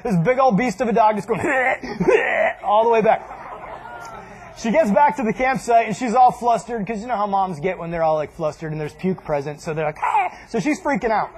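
A man's voice: sits high, fairly quick. A man casually telling a funny camping story to a group, acting out voices as he goes. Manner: animated, acts out voices and laughs.

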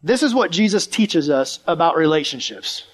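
A man preaching to a live audience, telling a story in a lively way and acting out the voices of the people in it. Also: on the high side, normal speed. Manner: animated, acts out the voices of the people in his stories.

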